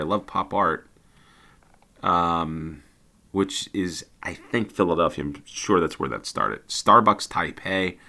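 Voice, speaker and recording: Male gameplay commentator, deep and crisp-edged, casual, hesitant, lots of ums. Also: sharp tone. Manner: thinking aloud, hesitant with many ums. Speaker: game commentator.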